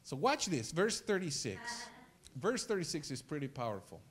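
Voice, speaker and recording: A male pastor preaching a sermon in church, telling stories with lively acted-out scenes and repeating words as he gets excited. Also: on the high side, normal speed, slightly rough. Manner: animated storytelling, acts out scenes.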